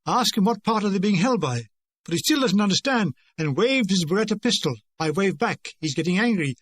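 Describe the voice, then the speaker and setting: An older man narrates his war memoir in a fairly high voice, dry and wry, landing each joke deadpan. The sound is close and dry, with no room around it. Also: brisk, no echo. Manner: dry, wry comic delivery. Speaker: author reading his own memoir. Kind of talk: audiobook narration.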